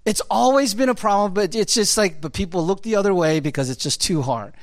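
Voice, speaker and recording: Lively, chatty male pastor preaching. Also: high-pitched, a little fast, dry recording. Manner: casual and chatty, full of fillers, laughing often. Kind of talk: conversational sermon.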